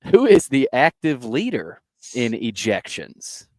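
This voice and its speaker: A man's voice: medium pitch, wildly swooping pitch, takes it slowly, darkish tone, no room sound, studio quality. A man co-hosting a sports talk radio show, upbeat and reading sponsor lines. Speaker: radio co-host.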